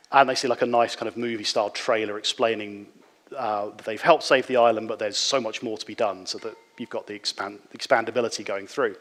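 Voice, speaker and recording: A man giving a relaxed, conversational conference talk, with frequent fillers and restarts. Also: medium pitch. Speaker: conference speaker. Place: conference hall. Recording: reverberant hall.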